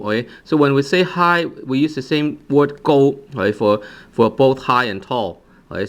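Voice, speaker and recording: Man, language teacher, halting delivery, drills words again and again. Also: mid-range voice. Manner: hesitant, many fillers and repeated drilled words. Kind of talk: language lesson.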